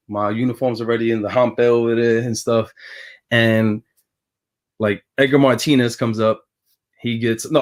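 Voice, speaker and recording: Guesting on a casual chat, this Brooklyn-born former pitcher spins a story in his New York accent. He stays animated throughout and laughs as he goes.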